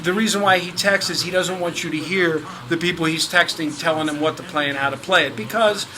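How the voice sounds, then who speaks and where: Animated sports-talk host over crowd noise. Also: male voice, on the high side, brisk. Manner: animated, teasing, talks over his co-host. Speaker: sports betting show host. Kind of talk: casual sports betting chat. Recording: crowd chatter in the background.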